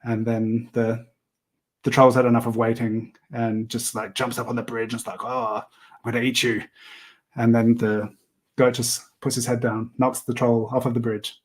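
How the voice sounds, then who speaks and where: A man hosting an art livestream, chatting casually while he sketches, rambling with many pauses and small laughs. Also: mid-range voice, little pitch movement. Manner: rambling, hesitant, laughs often. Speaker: livestream host and artist.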